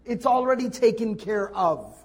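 High-voiced man teaching Quran tafsir. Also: expressive, moderate pace, husky. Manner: explanatory, stresses key words, frequent restarts. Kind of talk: classroom tafsir lecture.

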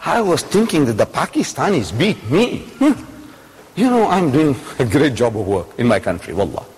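A man's voice: mid-range voice, big pitch swings, normal speed, a little mellow, big-room sound. An older man giving a religious lecture to a live audience, telling a story and often putting questions to his listeners.

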